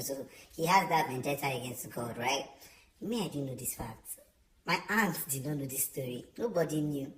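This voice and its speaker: A young man telling a storytime vlog, chatty and animated, with many fillers. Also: fairly high pitch. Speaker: vlogger. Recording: roomy echo.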